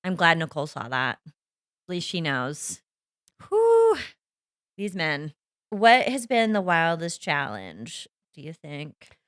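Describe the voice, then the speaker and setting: A woman co-hosting a podcast in casual chat, expressive and reacting loudly with groans and exclamations. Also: low-pitched, slow, no room sound, clean studio sound. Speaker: podcast co-host.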